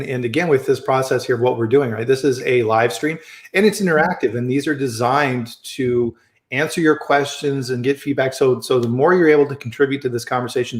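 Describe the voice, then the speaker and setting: A man's voice: medium pitch, roomy sound. A man hosting a casual live-stream chat on a video call, friendly and chatty, often restarting his sentences. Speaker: host.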